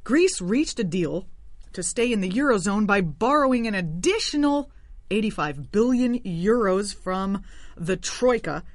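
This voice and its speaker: A woman's voice: medium pitch, big pitch swings, unhurried, no echo. Sarcastic woman host. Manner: sarcastic, wry asides. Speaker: show host. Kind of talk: satirical political commentary. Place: home studio.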